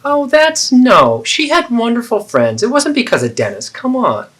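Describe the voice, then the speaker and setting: In a therapeutic role-play, a man plays a defensive, self-pitying middle-aged mother, his pitch swooping in a lively, expressive way as she deflects blame and guilt-trips. The tone stays wounded and evasive, delivered at a moderate pace and heavily acted.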